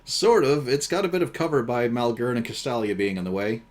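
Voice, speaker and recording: A man's voice: mid-range voice, very animated, fairly quick. Dm guy narrating combat, swoops up and down a lot, dry jokes. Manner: descriptive, wry, laughs often. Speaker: game master. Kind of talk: narrating a tabletop game.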